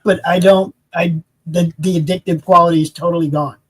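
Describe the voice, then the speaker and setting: Middle-aged man, husky and high-pitched, rambling profane stories in a loose stream chat. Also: fairly even intonation, brisk. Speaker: panelist on a livestream. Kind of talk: casual chat.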